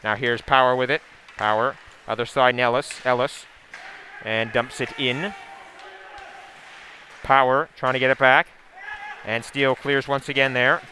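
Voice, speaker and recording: A man giving a steady, running play-by-play call of a hockey game, with asides and sponsor plugs. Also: mid-range voice, measured pace, long pauses, slight background noise. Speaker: play-by-play commentator. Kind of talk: live hockey play-by-play commentary.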